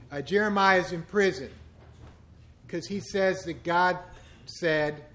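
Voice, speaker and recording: High-voiced pastor preaching passionately. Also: male voice, fairly bright tone. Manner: conversational, growing emphatic and impassioned. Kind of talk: sermon.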